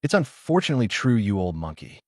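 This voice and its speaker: Man doing a brash ghost, crude, flippant, quick-talking, lively. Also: lowish voice, dry recording, studio quality. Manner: flippant, slangy. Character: brash cocky male ghost, crude and irreverent.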